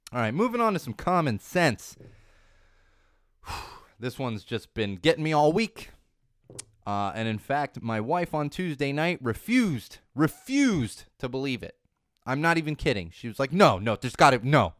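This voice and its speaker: A man's voice: medium pitch, smooth, no echo, studio quality. A man in his thirties hosting a casual chat, ranting in a profane, opinionated way with lots of fillers, his voice a little worn from a cold. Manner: animated, profane and opinionated, with many fillers and restarts. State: voice going, getting sick. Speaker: podcast host.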